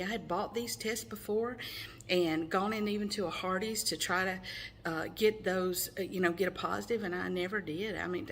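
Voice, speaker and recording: A woman's voice: fairly low pitch, a bit bright, a little hiss or hum. A woman in her forties telling her personal story earnestly, with lots of fillers and restarts. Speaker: mother sharing her testimony. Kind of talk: personal testimony to camera.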